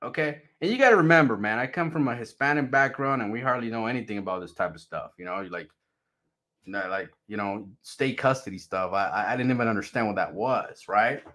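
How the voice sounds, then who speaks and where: A man's voice: mid-range voice, brisk. A man telling a personal story casually, loose and profane, tagging sentences with "right?". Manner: profane, animated, rhetorical "right?" tags. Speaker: channel host telling his back story.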